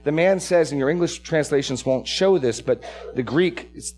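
A man's voice: on the high side, moderate pace, darkish tone. A man preaching an expository sermon as pastor. He stresses key phrases, repeats words and restarts his sentences.

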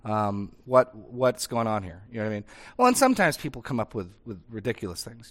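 A man preaching in a conversational, animated way, acting out short dialogues as examples. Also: mid-range voice, quick pace. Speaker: pastor. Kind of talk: conversational sermon.

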